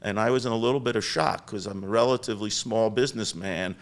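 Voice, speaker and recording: An older man, the guest on a podcast, telling lively stories about his business with lots of restarts. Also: on the low side, fast. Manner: chatty, animated storyteller with frequent restarts. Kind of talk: storytelling interview. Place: podcast studio.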